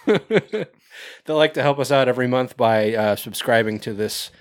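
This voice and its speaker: A man's voice: medium pitch, normal speed, no room sound, studio quality. A man hosting a podcast in casual chat, rambling, swearing and laughing often. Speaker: podcast host.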